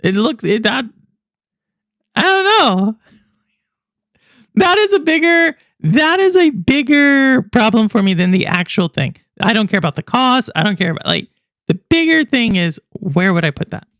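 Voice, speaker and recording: Casual gaming host, chatty and rambling, pitch that jumps around, dry close sound. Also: sing-song, a little slow, a bit bright, dry recording. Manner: chatty and rambling, many fillers and asides to chat viewers. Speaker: podcast and livestream host. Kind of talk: casual chat reacting to gaming news and live chat.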